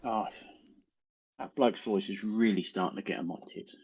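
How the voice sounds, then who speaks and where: A man's voice: on the low side, normal speed, darkish tone, husky, muffled recording. A man hosting a casual group chat on a live stream, rambling and blunt, often restarting his sentences. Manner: rambling, self-interrupting, blunt. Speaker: show host.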